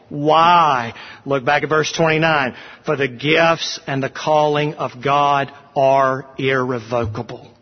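Emphatic preacher in a hall. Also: male voice, medium pitch, fairly even intonation, lo-fi sound. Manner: emphatic, slows down to stress words. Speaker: pastor. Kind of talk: sermon.

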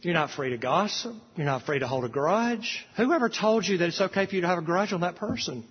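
A man preaching a sermon as a pastor. He talks earnestly and slows down on key phrases. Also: sits high, animated, breathy edge. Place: church sanctuary. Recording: echoey church hall, slightly muffled.

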